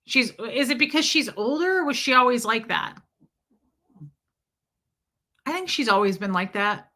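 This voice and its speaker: A woman chatting on her livestream, wandering through a story and breaking off to greet viewers by name. Her voice sits a bit high and has a bright, sharp edge. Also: animated, a little fast. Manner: rambling, greets chat names mid-story. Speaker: livestream host. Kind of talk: casual livestream chat.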